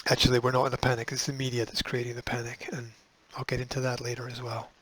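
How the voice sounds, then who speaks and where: A man's voice: mid-range voice, monotone, fast, fairly bright tone, husky, low-quality recording. A man hosting a show, reading news items aloud and breaking off with sarcastic, dismissive asides. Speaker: host.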